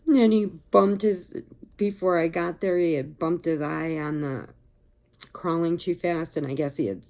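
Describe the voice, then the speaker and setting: Older woman, chatty crochet vlogger, low gravelly voice, mellow tone. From Illinois. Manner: chatty, rambling, laughs often. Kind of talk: casual chat.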